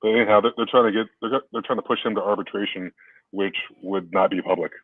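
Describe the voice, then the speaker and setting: Low-voiced man on a tinny phone line. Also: fairly even intonation, fast talker, dry recording. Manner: brief reactions, follows up on news. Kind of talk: casual chat.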